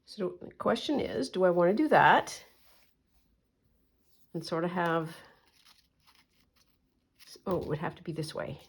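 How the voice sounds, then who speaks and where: A woman talking herself through a collage as she works, chatty and unhurried, with quiet murmured asides that pick up when she tells a story. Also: fairly low pitch, animated, husky. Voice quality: soft, murmuring, often trailing into quiet asides. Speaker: collage artist and channel host. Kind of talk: relaxed craft vlog, thinking aloud while working.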